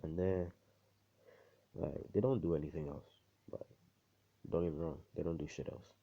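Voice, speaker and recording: A man's voice: extremely low pitch, fairly even intonation, moderate pace, vocal fry, dull audio. A man telling a fan story in a rambling, profane, casual way, full of fillers.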